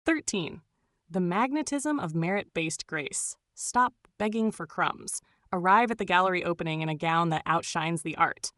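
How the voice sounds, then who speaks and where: A woman's voice: fairly low pitch, moderate pace, a bit bright, no echo, studio quality. A woman reading scripted narration in a gushing, doting way, full of pet names.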